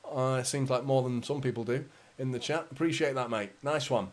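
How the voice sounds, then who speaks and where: A man's voice: mid-range voice, a little fast. A man from England hosting a live football fan stream, casually reading and answering chat comments, chatty and swearing now and then. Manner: chatty, defensive, swears casually, laughs between points. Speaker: football fan channel host.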